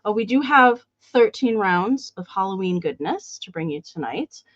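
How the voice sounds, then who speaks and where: A woman's voice: mid-range voice, lively intonation, moderate pace, no room sound, highs cut off. A woman hosting a live online sale, chatting casually and greeting viewers by name. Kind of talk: casual live-stream chat.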